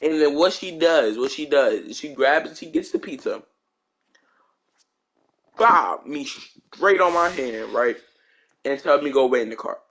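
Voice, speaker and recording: While playing a game on stream, a man rambles through a childhood story in slangy speech packed with fillers and restarts. His voice is mid-range and his speed normal.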